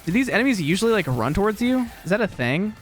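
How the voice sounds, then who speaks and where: A man's voice: high voice, sing-song, fast talker, a little hiss or hum. A young man giving casual, rambling gameplay commentary, laughing often and poking fun at himself while he tells stories from his teaching day. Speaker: gaming video creator and teacher.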